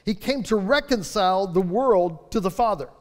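A man's voice: high-pitched, lively intonation, moderate pace. A man preaching a fervent sermon as pastor, stretching out key phrases for emphasis. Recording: long reverb of a large hall.

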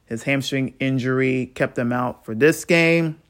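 A man's voice: mid-range voice, unhurried, fairly bright tone. Frustrated man ranting on a podcast. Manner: frustrated, swings between muttering and heated outbursts; blunt, swears freely. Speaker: podcast host. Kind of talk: solo sports podcast rant.

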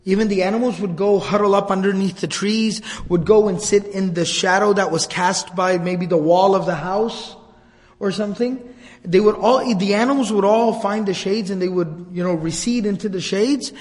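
Male religious teacher, higher register, lively conversational retelling, long reverb. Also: normal speed. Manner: animated, conversational retelling with repetitions. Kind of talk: storytelling lecture.

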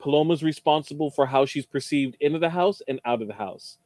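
A man's voice: a little high, a little fast, a little mellow, dry recording. A man co-hosting a casual podcast chat, stressing his points and repeating them. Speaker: podcast co-host.

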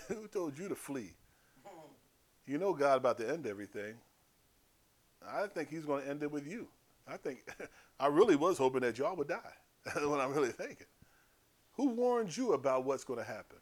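Man, preacher, comedic sermon, animated, swooping voice. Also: on the high side, fairly quick, long pauses. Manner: animated, joking, builds to loud emphatic peaks.

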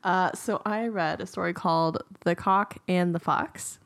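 A woman's voice: lowish voice, steady tone, unhurried, gravelly. A young woman in casual chat, giggling as she retells a fable in a rambling way.

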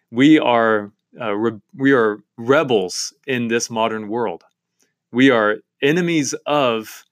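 Earnest man teaching a Bible study. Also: medium pitch. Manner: earnest, enthusiastic, with frequent fillers. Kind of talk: devotional book talk.

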